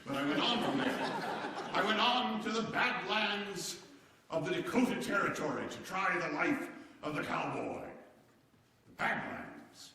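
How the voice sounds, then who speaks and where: A man's voice: sits high, a little slow, bright, forceful tone. An actor playing a hearty, boisterous old-time American president, speaking theatrically and exclamatorily straight to the audience in a live one-man stage show. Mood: genial. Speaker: stage performer. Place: performance hall before a seated audience. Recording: echoey hall, voice picked up from far off.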